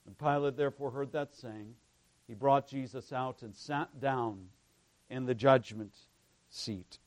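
A man preaching a sermon, building to loud emphatic passages and dropping to hushed tones, often checking in with a "right?". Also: mid-range voice, a little slow, dry recording. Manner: preaching with swells of emphasis and sudden hushed drops; frequent "right?" asides to the congregation. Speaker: pastor.

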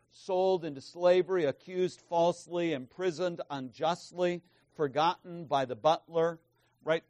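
Slow, emphatic preaching man. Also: a little high, a little mellow, dry recording. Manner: slow, emphatic, repeats key words with pauses. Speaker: pastor. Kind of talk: expository sermon.

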